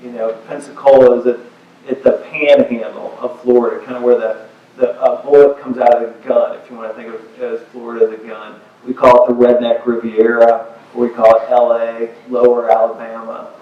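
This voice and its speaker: Heard through a distant, dull mic in an echoey hall, a man who's an author and speaker gives a personal motivational talk about his book. His mid-range voice is flat and moves at normal speed, peppered with "you know"s and wry jabs at himself.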